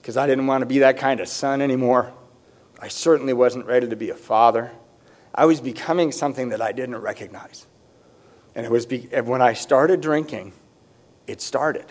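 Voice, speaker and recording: A man's voice: medium pitch, normal speed. A middle-aged man telling his recovery story with humor, candid and self-deprecating. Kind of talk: personal testimony with humor.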